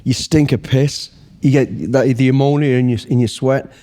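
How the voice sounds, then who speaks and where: A man's voice: medium pitch, steady tone, normal speed, mellow. A middle-aged man from Britain, a former soldier telling blunt, profanity-filled anecdotes in a casual interview. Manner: blunt, heavy swearing, rambling anecdotes. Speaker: guest, former special forces soldier.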